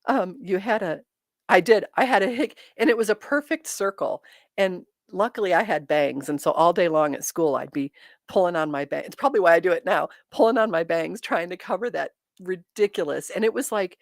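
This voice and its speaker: A woman's voice: fairly low pitch, brisk, no room sound, clean studio sound. Chatty laughing woman in her 50s. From Michigan. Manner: laughs often while telling stories. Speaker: livestream host reading chat. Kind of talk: casual chat.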